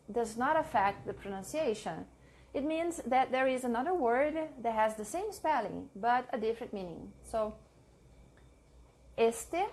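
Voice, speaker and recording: Young woman teacher, slightly high voice, deliberate pace, drills each example word. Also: a little mellow. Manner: slow, careful, repeating each example word. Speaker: language teacher. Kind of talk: reading a pronunciation lesson aloud.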